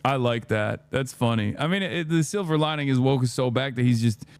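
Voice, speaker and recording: A man's voice: medium pitch, fairly quick, clean tone, no room sound, soft background music. A man streaming his reactions to clips, mocking and heated, swearing often and laughing at what he watches. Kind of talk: profane reaction commentary.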